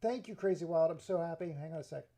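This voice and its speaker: A man live-streaming, rambling excitably to his chat viewers with frequent laughs. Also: fairly high pitch, fast, a little hiss or hum. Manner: excitable, scattered, talks to chat, laughs often.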